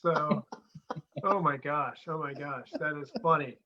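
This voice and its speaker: A man's voice: fairly high pitch, fairly even intonation, slow, bright, forceful tone. A man hosting a comedy show, bantering easily and chuckling over a video call. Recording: dull, slightly noisy video call audio.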